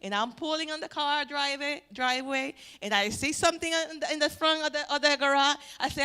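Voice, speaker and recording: A middle-aged woman giving a personal testimony at a church family event. She swings between loud exclamations and near-whispers. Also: high voice, a little fast, few pauses. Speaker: church family-life speaker.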